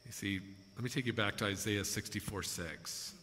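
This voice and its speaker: A man preaching a sermon to a congregation, animated and acting out quoted voices with chuckles. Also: fairly low pitch, normal speed, slight background noise. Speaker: pastor. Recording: long hall reverb.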